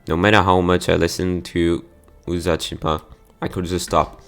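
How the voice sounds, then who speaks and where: A man's voice: deep voice, flat delivery, normal speed, vocal fry, fairly bright tone, soft background music. A man reading a visual novel aloud for his gameplay channel, stumbling over words now and then. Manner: plain reading with stumbles and sudden outbursts.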